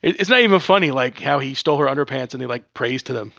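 A man co-hosting a podcast, talking quickly and excitably with strong opinions. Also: medium pitch, gravelly, no echo. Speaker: podcast co-host. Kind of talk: casual chat. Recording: dull dry lo-fi mic.

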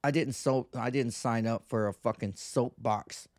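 A man's voice: mid-range voice, fairly even intonation, a little slow, darkish tone, no room sound, studio quality. A man in his thirties hosting a podcast, ranting in a brash, profane, mocking way and mimicking others in whiny voices. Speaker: podcast host. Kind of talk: casual monologue.

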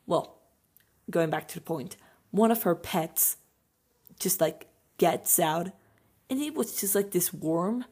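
A woman's voice: fairly low pitch, lively intonation, slow pace, long pauses, a little mellow, husky. A young woman hosting a casual podcast, sharing strong opinions in a chatty way with lots of filler words. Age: young adult. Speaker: podcast host.

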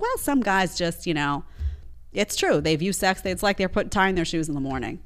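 Indignant, lively woman host. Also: lowish voice, moderate pace. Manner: indignant, exclamatory, mocking. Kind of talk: opinionated live-stream commentary.

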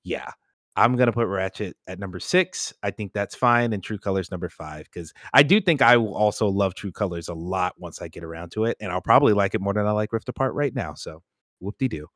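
Casual male podcast host, low voice. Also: animated, brisk, a bit bright, no room sound, clean studio sound. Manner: loose, profane, runs the ranking discussion. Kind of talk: casual gaming podcast chat.

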